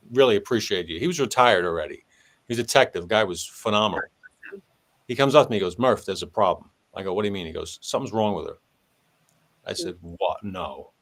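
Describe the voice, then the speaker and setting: A man, a former police sergeant, telling a long story in conversation and acting out the voices of the people in it. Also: fairly low pitch. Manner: animated, acts out dialogue with shifting voice.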